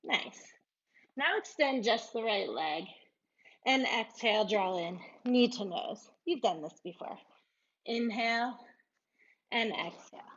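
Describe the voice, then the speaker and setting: Slow, calm woman yoga instructor. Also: a little high, dull audio. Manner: calm, encouraging cueing with breathy laughs. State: out of breath at times. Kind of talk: guided yoga class cues.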